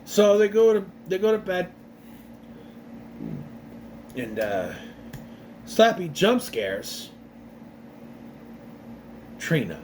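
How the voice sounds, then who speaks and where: Over a noisy background, a man with a high voice and big pitch swings casually recaps a TV episode. He rambles, frequently starts over, and acts out the characters' lines in rapid voices.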